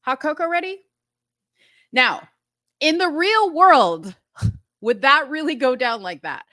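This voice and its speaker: A woman's voice: high voice, very animated, slow pace, bright, forceful tone, no echo, clean studio sound. A woman hosting a talk show, giving indignant, incredulous commentary on a TV episode with laughing asides. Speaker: host.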